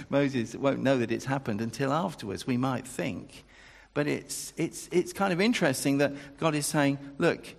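A man's voice: medium pitch, creaky. A man preaching a sermon, talking conversationally and then building to emphatic declarations. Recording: reverberant church hall.

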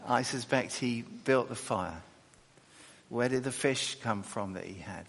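A man preaching a sermon and reading scripture, animated and chatty, with quick asides and self-corrections. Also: medium pitch, vocal fry. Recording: echoey hall.

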